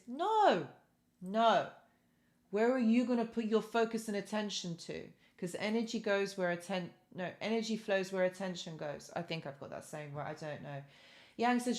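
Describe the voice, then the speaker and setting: A woman with a fairly high voice hosting a live stream. She speaks encouragingly in a motivational style and reads viewer comments aloud as she goes. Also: expressive, normal speed.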